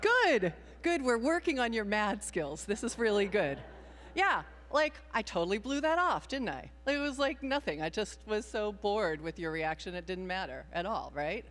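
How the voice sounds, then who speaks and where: A woman's voice: mid-range voice, sing-song, moderate pace, fairly bright tone, a little hiss or hum. A woman minister leading a playful children's time in a worship service, improvising and encouraging the young people. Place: church sanctuary. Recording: long hall reverb in a sanctuary.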